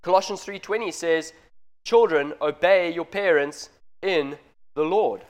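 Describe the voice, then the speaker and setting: Preaching to a congregation, a thirtysomething man keeps a measured pace and an earnest, direct tone. He talks to the parents and hammers each point home in a voice a bit higher than most men's.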